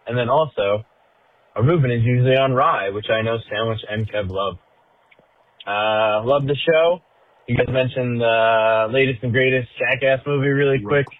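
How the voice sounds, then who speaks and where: A man's voice: mid-range voice, normal speed, dry recording. A man leaving a friendly, upbeat voicemail for a podcast as a caller. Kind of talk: voicemail message. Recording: tinny phone voicemail.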